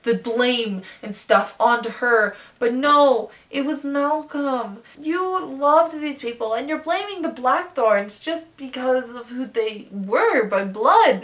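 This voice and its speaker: A young woman rambles through a casual book review at home, gushing and excitable from one point to the next. Her voice is bright and forward, sitting a little high. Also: a little slow, hardly any pauses. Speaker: book vlogger.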